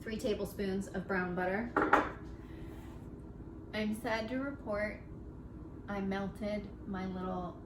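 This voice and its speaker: A woman hosts her own baking show, chatting brightly and joking with the viewer as she measures and mixes. Her voice sits in an ordinary middle register. The kitchen recording carries clear background noise under everything she says. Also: mid-range voice, takes it slowly, long pauses. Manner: chatty and playful, talking to the viewer while working. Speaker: home baking show host. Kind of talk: casual cooking demonstration.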